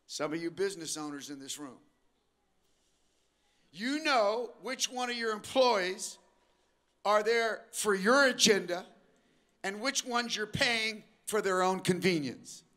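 An older man preaching a sermon to his church, swinging between slow emphatic phrases and quick asides, and briefly acting out the voices of the people he describes. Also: sits high, expressive. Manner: preaching with sudden shifts in pace and loudness, acting out voices of listeners. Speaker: pastor. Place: church auditorium.

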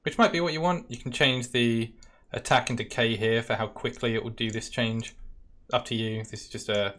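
A man with a British accent, casually talking through a software demo step by step in a live-stream Q&A. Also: mid-range voice, fairly even intonation, normal speed. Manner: casual, talks through steps while clicking. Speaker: product specialist demoing software.

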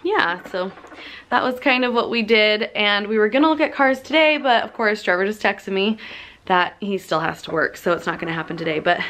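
With a brisk, mid-range voice that's a bit bright, a late-teen girl chats to camera as a little hiss or hum runs underneath. She sounds slightly out of breath, giggles and chats casually, and addresses her viewers as "you guys."

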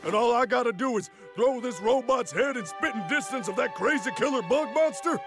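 A man's voice: extremely high pitch, lively intonation, fairly quick. A man voicing a boastful middle-aged martial arts champion who talks in a brash, blustering way, over music.

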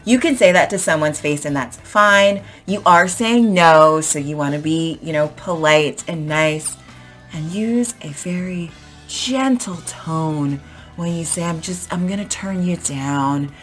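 Chatty low-voiced woman teaching vocabulary. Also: measured pace, fairly bright tone, faint music behind. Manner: chatty, acts out example sentences, frequent "um". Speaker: English teacher. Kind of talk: casual explanatory vocabulary lesson.

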